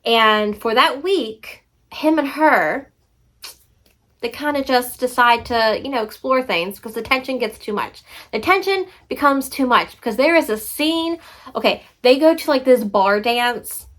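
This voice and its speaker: A woman's voice: a little high, lively intonation, unhurried, a bit bright. A young woman book vlogger chatting casually and enthusiastically about novels she has read, tripping over words now and then. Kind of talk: casual book review vlog.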